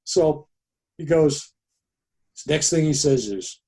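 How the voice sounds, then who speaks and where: A man in his seventies speaks as a podcast guest, telling his story with animated flair. He acts out the other people in it. His voice is dark and a little husky. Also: on the high side, slow, long pauses. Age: 70s.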